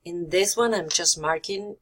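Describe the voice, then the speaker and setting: A woman's voice: on the low side, unhurried, fairly bright tone. A woman teacher, going over student compositions and repeating key corrections in a patient, explanatory way. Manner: explanatory, repeats key points, mixes English and Spanish phrases. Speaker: Spanish teacher. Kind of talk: recorded feedback on student compositions.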